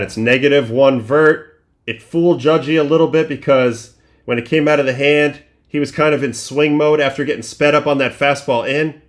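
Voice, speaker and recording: A middle-aged man talks through baseball footage pitch by pitch in a relaxed, conversational way, pausing on fillers and restarting his sentences as he thinks aloud. His voice sits at an ordinary middle pitch. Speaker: livestream host breaking down game film. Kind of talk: casual pitch-by-pitch analysis.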